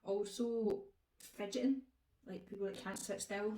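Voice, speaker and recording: A woman's voice: medium pitch, steady tone, unhurried, dark tone. A Scottish woman chatting frankly while doing makeup, joking and laughing easily as a vlog co-host. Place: beauty salon, indoors. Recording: echoey room, mic at a distance.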